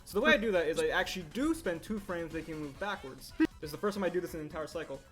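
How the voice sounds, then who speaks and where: A man's voice: a little high, animated, racing, a bit bright, soft background music. A man livestreaming his stop-motion animation work, chatting casually and rambling as he corrects himself mid-sentence. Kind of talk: casual livestream chat while working.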